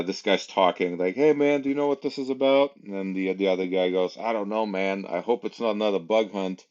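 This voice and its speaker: A man hosting a casual livestream, chatting loosely with laughs and plenty of fillers. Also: low-pitched. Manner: rambling, chatty, laughs often, many fillers. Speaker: livestream host. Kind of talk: casual live-stream chat. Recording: dull lo-fi sound.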